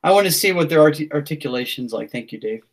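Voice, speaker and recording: Man, podcast host, slightly high voice, rambling, lots of ums. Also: animated, quick pace. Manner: rambling, filler-heavy, self-deprecating. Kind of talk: casual podcast sign-off chat.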